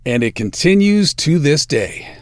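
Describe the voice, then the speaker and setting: A man hosting a podcast, talking casually and enthusiastically about food with drawn-out emphasis. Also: fairly high pitch, sing-song, no room sound, clean studio sound. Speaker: podcast host.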